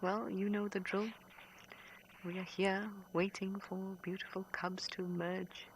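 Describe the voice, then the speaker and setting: Hushed, gravelly-voiced woman safari guide. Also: mid-range voice, level tone, unhurried, a little hiss or hum, low-quality recording. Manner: hushed and patient, waiting quietly at a den. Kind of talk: live wildlife commentary. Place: outdoors at a hyena den.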